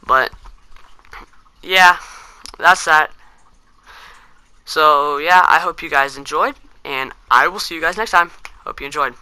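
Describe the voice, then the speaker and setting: A teenage boy rambles through a story for his vlog, mocking himself and leaning on fillers. His voice is very bright and sharp, and it sounds close and dry with no room around it. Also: a little high, normal speed, smooth, no echo. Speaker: vlogger. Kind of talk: casual storytelling to camera.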